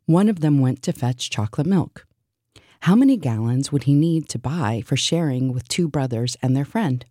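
A woman reciting a surreal spoken-word list in a deadpan, absurd manner. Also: extremely low pitch, moderate pace, no room sound, clean studio sound.

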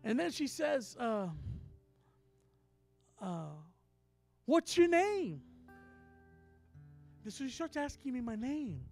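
A man preaching a sermon and telling a story in an animated way, acting out each person in it. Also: extremely high pitch, a little slow, creaky, long pauses, faint music behind. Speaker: apostle, preacher.

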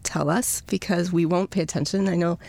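Woman psychologist, podcast guest, low-ish pitch, conversational advice, dry studio sound. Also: steady tone, fairly quick, dry recording. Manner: conversational, warm-hearted advice with light laughs.

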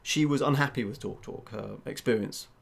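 A man's voice: mid-range voice, moderate pace, vocal fry. A man, a journalist and podcast host, telling a story in casual chat and acting out the people he quotes. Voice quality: talks with many fillers and restarts, acting out quoted voices.

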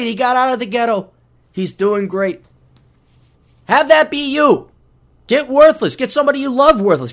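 A male podcast host talks in a loose, rambling monologue, with a voice that sits fairly high and swings up and down a lot. He swears freely and slips into quick put-on voices while telling stories. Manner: rambling, profane, animated, acts out voices. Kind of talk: casual monologue plugging books.

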